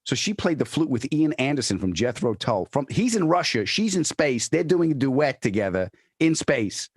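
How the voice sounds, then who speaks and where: A man's voice: mid-range voice, sing-song, normal speed, slightly rough, no echo, studio quality. A man, a comedian from New York, chatting in an interview and telling stories with many restarts. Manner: storytelling, restarts often, acts out quoted voices. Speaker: comedian guest. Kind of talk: casual interview chat.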